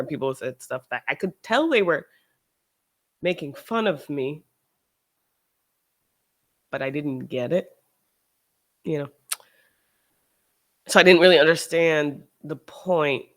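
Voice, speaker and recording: A host talking casually on a livestream, animated and sarcastic, often restarting sentences and trailing off. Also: medium pitch, a little slow, long pauses. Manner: animated, sarcastic, shifts into mocking quoted voices.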